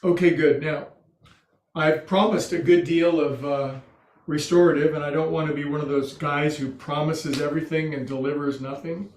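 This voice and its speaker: Chatty higher-voiced yoga teacher, echoey room. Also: male voice, steady tone, moderate pace, a little mellow. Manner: chatty and joking, self-mocking asides. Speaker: yoga instructor. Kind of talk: guiding a restorative yoga class. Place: home room with couch and recliner.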